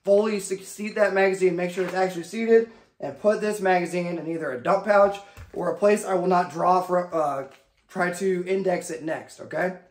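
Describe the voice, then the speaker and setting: A man with a high voice gives a firearms lesson, calling out each step in a drill-like rhythm and tagging "okay?" after the steps. The sound rings with a lot of echo around him. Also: moderate pace. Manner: drill-like, repeats "okay?" and key phrases. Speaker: firearms instructor. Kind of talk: instructional demonstration.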